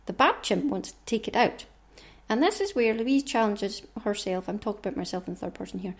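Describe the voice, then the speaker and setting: A woman's voice: mid-range voice, darkish tone. A woman hosting a podcast, chatting casually and self-mockingly to her listeners. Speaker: podcast host.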